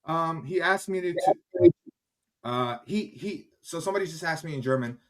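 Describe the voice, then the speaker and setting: A man's voice: on the high side, animated, normal speed, a bit bright. Male streamer, angry chat replies, blunt and profane, talking from his kitchen. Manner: heated, swearing, switches between English and German. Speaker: livestream host. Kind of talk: casual livestream commentary reading chat. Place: home kitchen.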